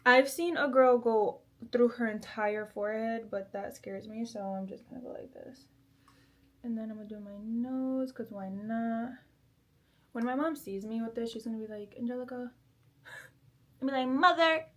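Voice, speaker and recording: Young female vlogger, giggly and chatty, bright-voiced, casual bedroom talk. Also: on the high side, fairly even intonation, measured pace. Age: 20s. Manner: chatty, giggly, self-deprecating. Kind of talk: casual chat while doing makeup. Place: bedroom at home.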